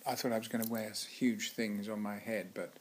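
A man's voice: on the low side, little pitch movement, fairly quick. An older man and former actor, telling chatty, laughing anecdotes in an interview with frequent restarts. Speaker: guest actor.

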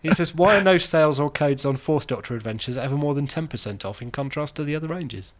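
A man's voice: on the high side, expressive, quick pace. A man co-hosting a podcast in casual chat, teasing his partner and reading out listener questions. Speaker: podcast co-host.

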